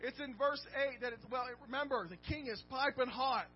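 A man's voice: very high voice, normal speed, a little hiss or hum. A man pastor preaching a sermon, emphatic and storytelling, calling out to his congregation. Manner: emphatic, storytelling with call-and-response. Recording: dull lo-fi recording with faint music.

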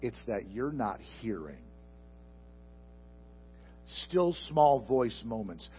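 A man preaching a sermon into a microphone before a congregation, asking them questions and swinging from loud emphatic bursts to soft, slow asides. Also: mid-range voice, very animated, muffled recording, soft background music. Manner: addresses the congregation directly with questions. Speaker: pastor. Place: church sanctuary before a congregation.

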